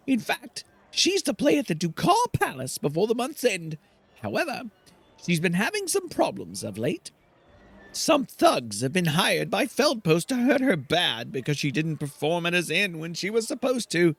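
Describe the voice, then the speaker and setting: A man's voice: sits high, fairly bright tone, no room sound, voice pushed up, heavily acted. A man voicing a young male servant pleading for hired help in a fantasy game.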